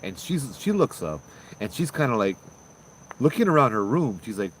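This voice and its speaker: A man, hosting and telling a ghost story in a loose, conversational way, with fillers and sudden loud bursts. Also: medium pitch, big pitch swings, moderate pace, slight background noise, poor audio. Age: 30s. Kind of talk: casual spoken ghost story.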